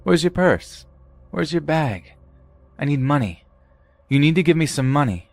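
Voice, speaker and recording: A man voicing a pushy, manic young woman who turns out to be a robber, in an animated horror story. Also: measured pace, vocal fry, faint music behind. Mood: demanding. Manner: demanding, shrill.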